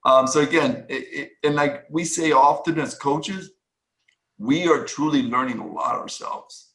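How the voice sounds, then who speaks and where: A man's voice: a little high, measured pace, a bit bright. A man coach hosting an online meetup, rambling and hesitant with many ums, on a video call. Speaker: agile coach and meetup host. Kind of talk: casual group chat.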